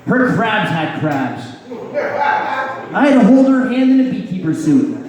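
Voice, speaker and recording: A man performing a live stand-up set of crude one-liners, delivered deadpan with a dry "you're welcome" tag. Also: very high-pitched, a little fast. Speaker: stand-up comedian. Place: comedy club stage before a laughing audience. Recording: echoey room, distant mic, crowd laughter.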